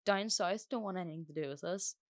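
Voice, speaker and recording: A woman's voice: on the low side, a little fast. Blunt Northern Irish woman podcaster. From Northern Ireland. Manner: casual and blunt, heavy 'like' fillers and swearing. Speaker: podcast host. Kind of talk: solo podcast talk.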